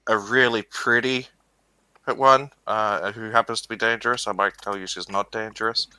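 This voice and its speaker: Male player, low forceful voice, dry close mic, joking and hesitant. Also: steady tone, moderate pace, smooth, no room sound, rough recording. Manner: joking, hesitant, repeats words. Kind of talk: casual tabletop game play.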